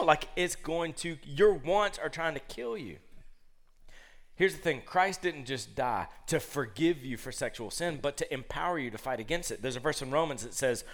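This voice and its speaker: Animated man preaching a casual sermon. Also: normal speed. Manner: animated, conversational, acts out quotes in high voices. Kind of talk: sermon with personal stories.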